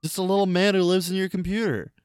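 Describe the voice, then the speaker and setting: A man's voice: sits high, steady tone, fast, clear, resonant tone, no echo, clean studio sound. A man co-hosting a comedy podcast, joking, laughing often and narrating a silly made-up scene. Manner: jokey, laughs often, slides into silly voices. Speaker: podcast co-host and game narrator.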